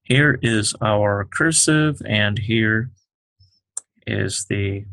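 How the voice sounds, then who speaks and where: A man teaching the Hebrew alphabet, talking slowly with many fillers as he writes out each letter. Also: lowish voice, creaky, fairly bright tone, dry recording. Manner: slow, halting, many fillers, explains while writing. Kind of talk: unscripted alphabet lesson.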